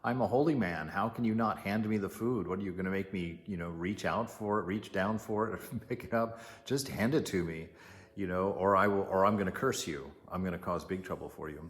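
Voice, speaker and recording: A man's voice: sits low, brisk, in a large hall, natural voice. A man doing an indignant disguised demon king. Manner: indignant, threatening.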